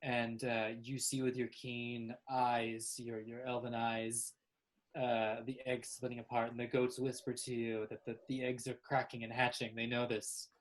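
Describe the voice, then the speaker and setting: A woman narrating as game master in a relaxed way, with fillers and laughs. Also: extremely low pitch, measured pace.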